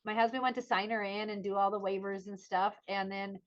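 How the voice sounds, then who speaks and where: Woman, middle-aged, podcast co-host, casual storytelling, animated, slightly muffled audio. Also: mid-range voice, fairly quick. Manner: animated storytelling, acts out quoted voices. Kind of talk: casual chat.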